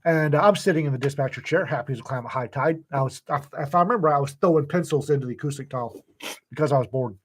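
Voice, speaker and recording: A man's voice: a little high, quick pace, slightly rough. An older man in casual conversation, telling folksy stories and acting out the voices of the people in them. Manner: folksy storyteller who acts out quoted voices. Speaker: podcast co-host telling stories. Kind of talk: casual storytelling chat.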